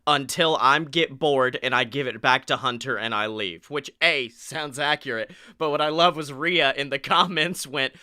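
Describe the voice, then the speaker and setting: A man's voice: mid-range voice, sharp tone, clean tone, no echo, studio quality. A man co-hosting a podcast, rambling and swearing freely in casual chat, often slipping into mock voices. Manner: rambling, profane, quick to break into mock voices. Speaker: podcast co-host.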